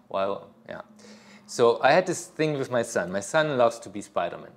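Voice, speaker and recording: A man's voice: mid-range voice, sing-song, moderate pace, slight background noise. A middle-aged man, a yoga teacher, talking casually at a studio workshop, rambling with many fillers and restarts.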